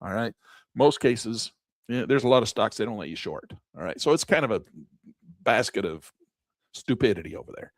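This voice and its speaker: A man teaching day trading over a chart in a folksy, excitable way, with a dry close mic. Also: medium pitch, brisk, no room sound. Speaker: trading instructor. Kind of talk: screen-share trading lesson.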